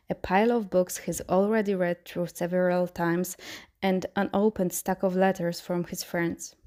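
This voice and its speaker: A woman reading a fan-fiction story aloud in a steady, soft storytelling manner. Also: lowish voice.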